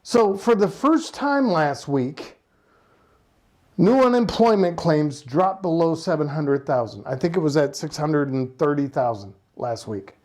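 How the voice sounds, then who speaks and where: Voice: medium pitch, expressive, unhurried, a little mellow. A passionate, sarcastic vlogger from the United States, ranting casually about the economy with lots of rhetorical questions. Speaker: economic commentator. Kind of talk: casual opinion vlog rant.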